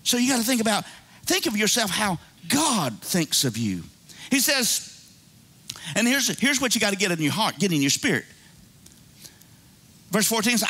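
A man's voice: high voice, sing-song, moderate pace, pauses often, sharp tone, breathy edge. A pastor in his fifties preaching a sermon. He is exuberant and jokey and breaks into whooping exclamations.

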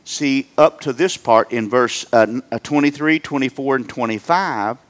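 A middle-aged man preaching a humorous sermon, jumping between loud emphatic lines and quiet joking asides. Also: medium pitch, moderate pace. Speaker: pastor.

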